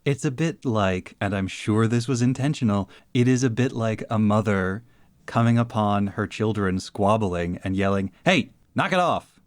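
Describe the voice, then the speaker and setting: Low-voiced man co-hosting a podcast. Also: a little mellow, no echo. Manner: dry joking, measured and reflective. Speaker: podcast co-host. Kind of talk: casual analytical chat.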